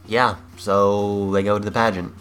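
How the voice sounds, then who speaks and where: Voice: deep voice, flat delivery, unhurried, fairly bright tone, smooth. A podcast co-host in casual comedic chat who riffs wryly on the jokes and swears now and then. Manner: wry, riffing on jokes, swearing.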